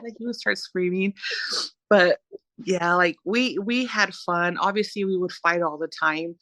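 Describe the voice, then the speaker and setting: A woman from Southern California, a podcast guest, telling stories in an animated, rambling way with many fillers. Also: lowish voice, unhurried, no echo. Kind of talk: conversational storytelling.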